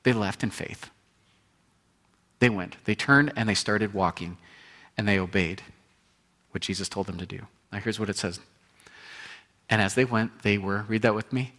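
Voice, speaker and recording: A man preaching a sermon as a pastor, telling the story with lively acted-out quotes and moving between loud, bright moments and hushed, quiet ones. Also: fairly low pitch, a little fast, long pauses.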